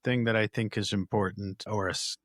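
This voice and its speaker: A man's voice: fairly low pitch, steady tone, fairly quick, dry recording, clean studio sound. A man hosting a podcast interview, chiming in briefly and moving to the next point. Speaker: podcast host.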